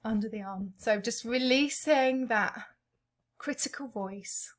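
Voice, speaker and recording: A woman guides listeners through an emotional tapping routine, naming each point on the face and body in turn. Her voice sits fairly high and she takes her time, leaving space between the phrases. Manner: slow, gentle, calling out tapping points. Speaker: EFT tapping practitioner.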